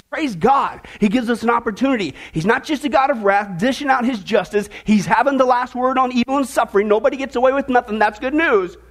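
A man preaching a sermon, opening with a chatty, playful story told to his congregation. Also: very high-pitched. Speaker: pastor.

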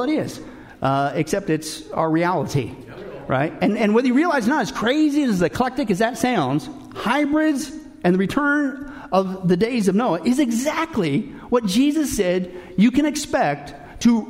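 High, lively folksy preacher man. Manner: folksy joke-telling preacher, addresses the congregation as folks. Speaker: pastor. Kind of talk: sermon.

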